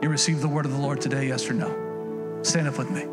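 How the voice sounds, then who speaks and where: A man's voice: mid-range voice, steady tone, quick pace, loud music behind the voice. A middle-aged male pastor delivering a sermon in a folksy, conversational way, repeating phrases and acting out little quotes. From Oklahoma. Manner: folksy, conversational preaching with repetitions and acted-out quotes.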